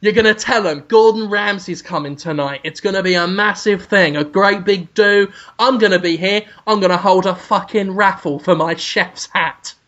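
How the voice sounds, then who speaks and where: A man's voice: high-pitched, normal speed, few pauses, a bit bright. A man voicing a two-faced, foul-mouthed celebrity chef who sneers and swears, on dull lo-fi podcast audio. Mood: boastful.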